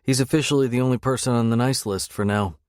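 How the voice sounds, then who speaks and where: A man's voice: mid-range voice, steady tone, fast, darkish tone, clean tone, no room sound, studio quality. A man narrating a first-person romance audiobook with a wry, sardonic edge. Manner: wry, sardonic inner monologue.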